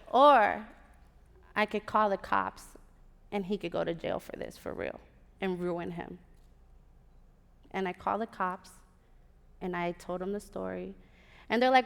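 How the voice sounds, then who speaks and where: On a large theater stage, a woman in her thirties tells a personal story, lively and animated as she acts out the voices of the people in it. Her mid-range voice is creaky and unhurried, with long pauses. A stage microphone picks her up with long theater reverb, and a live audience is in the background.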